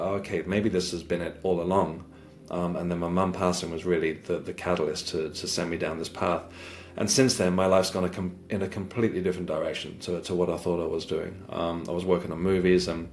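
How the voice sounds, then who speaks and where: Low-voiced man telling a personal story. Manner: hesitant, many repeated words and restarts; earnest, reflective. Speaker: guest sharing a spiritual experience.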